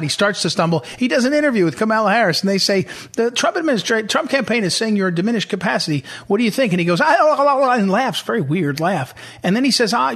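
A man's voice: high-pitched, fairly bright tone. A middle-aged man hosting a political talk radio show, emphatic and repetitive as he hammers his points home.

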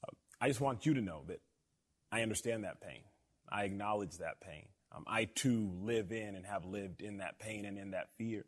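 A man hosting an interview, earnest and emphatic, speaking in a measured conversational way. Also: fairly low pitch. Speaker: host.

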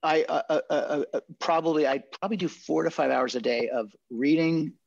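Middle-aged man, podcast guest, rapid talker who restarts a lot, gravelly voice, slightly dull recording. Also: a little high, darkish tone, no room sound. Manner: fast, restless talker with many restarts. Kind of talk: casual interview chat.

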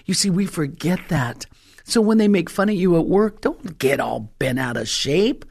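A woman pastor preaching a fervent, exhorting sermon, her voice leaping up in pitch for emphasis. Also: lively intonation, moderate pace, gravelly, a little mellow, slightly rough.

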